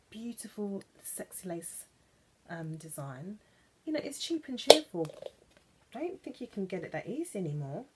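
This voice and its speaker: A woman from England chatting playfully about perfumes, gushing and now and then dropping into soft whispers. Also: fairly low pitch, very noisy. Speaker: perfume vlogger. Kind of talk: chatty vlog.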